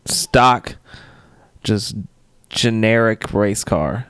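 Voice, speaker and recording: Young man, podcast co-host, teasing, animated, dry room. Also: fairly low pitch, drawn-out words, clear, resonant tone, dry recording. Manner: joking, teasing, playful exaggeration. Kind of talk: casual chat.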